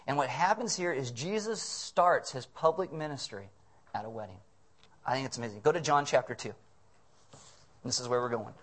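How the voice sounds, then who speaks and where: Humorous, animated male pastor preaching. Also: mid-range voice, normal speed, pauses often. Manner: humorous, animated storytelling with acted voices. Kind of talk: sermon.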